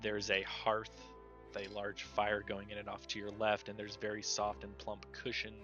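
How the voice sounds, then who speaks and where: Bright-voiced man running a tabletop game. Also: lowish voice, normal speed, dull audio, soft background music. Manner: relaxed, chatty narration. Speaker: game master.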